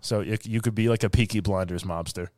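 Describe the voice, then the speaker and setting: A man's voice: on the low side, steady tone, a little fast, darkish tone, dry recording, clean studio sound. Laughing man hosting improv prompts. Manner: laughs often, gives prompts. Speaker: host. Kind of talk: casual improv game chat.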